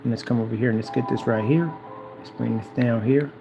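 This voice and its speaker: A man talking casually and repetitively, hyping himself up while reading instructions aloud haltingly. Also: mid-range voice, steady tone, gravelly, background noise. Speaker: DIY projector screen vlogger. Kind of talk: casual self-recorded commentary.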